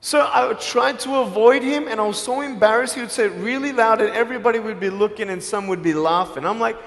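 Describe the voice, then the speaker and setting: A man with an Australian accent giving a live motivational speech, telling his story emphatically and swinging between loud and hushed. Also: high voice, quick pace, vocal fry. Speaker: motivational speaker. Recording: long hall reverb.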